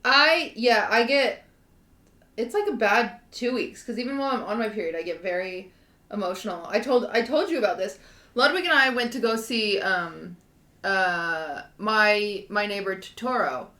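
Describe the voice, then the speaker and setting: Bright-voiced woman telling a story. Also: mid-range voice, normal speed, reverberant. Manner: animated storytelling, lots of fillers. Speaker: podcast co-host. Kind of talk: casual chat.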